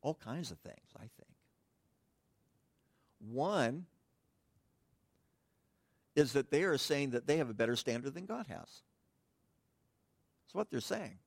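A man's voice: mid-range voice, animated, takes it slowly, vocal fry, long pauses, no echo. A man preaching a sermon in a conversational way, with frequent restarts and asides to the congregation. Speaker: pastor.

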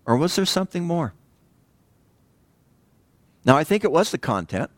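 A male pastor preaches in a relaxed, conversational way, often stopping to put rhetorical questions to his listeners. His pitch rises and falls a lot, so the delivery sounds animated. The sound is dry and close, with almost no room echo. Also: moderate pace. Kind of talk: sermon.

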